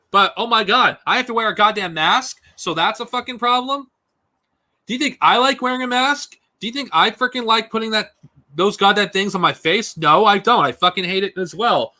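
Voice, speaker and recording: A man's voice: high-pitched, sharp tone. A man ranting angrily and profanely on a live stream. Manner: angry profane ranting, mocking put-on whines.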